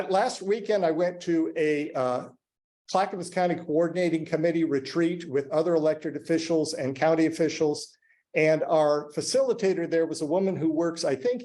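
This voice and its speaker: A man giving halting public remarks to a school board, with many fillers and restarts. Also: on the high side, steady tone, mellow. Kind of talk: public comment at a board meeting. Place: public meeting room.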